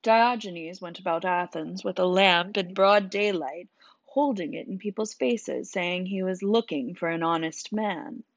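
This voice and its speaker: A woman voicing a huge, wild village idiot who turns out to be a calm philosopher, speaking slowly and bluntly. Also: fairly low pitch, no room sound. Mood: calm, preaching. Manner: slow, simple, blunt speech. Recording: dull, dry sound.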